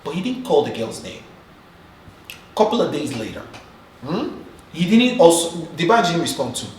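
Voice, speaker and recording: A man's voice: on the high side, sing-song, normal speed, recorded from a distance. A man hosting a casual commentary vlog, chatty and teasing, tossing rhetorical questions at his viewers. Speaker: YouTube host. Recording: roomy echo, off-mic, faint noise.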